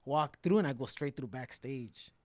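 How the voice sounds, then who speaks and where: A man spins a profane, animated fight story, acting out every quote in heavy slang. His voice sits at a middle pitch. The sound is dry and close. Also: moderate pace, no room sound. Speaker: guest fighter. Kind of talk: casual storytelling in a podcast interview.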